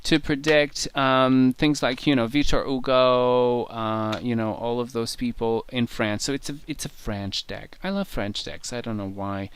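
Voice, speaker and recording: A man's voice: mid-range voice, fairly even intonation, measured pace, hardly any pauses, clean tone. A man being interviewed as a guest tarot reader, explaining his decks in an enthusiastic, rambling way. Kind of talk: conversational show-and-tell interview.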